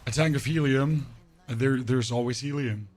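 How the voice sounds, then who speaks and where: A hoarse, off-sounding man narrates his live gameplay to chat in a chatty, rambling way, deliberately lowering his voice with little emphasis. His tone is a little mellow and his speed normal.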